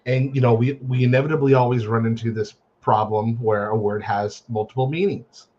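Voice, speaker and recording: A man with a husky voice and middling pitch joins a casual chat over dull, lo-fi remote audio. He speaks haltingly and repeats words as he looks for his phrasing. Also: steady tone, a little mellow. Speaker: guest, parent.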